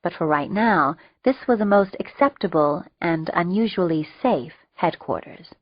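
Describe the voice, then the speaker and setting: Low-voiced woman audiobook narrator. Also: lively intonation, moderate pace, no room sound. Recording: dull lo-fi dry recording.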